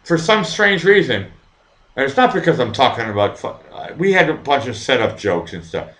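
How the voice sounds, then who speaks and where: A man's voice: mid-range voice, very animated, moderate pace, a bit bright. A man hosting his own live stream, reading the chat and ranting at viewers with lots of swearing. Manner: profane, heated, talks straight to viewers. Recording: echoey room.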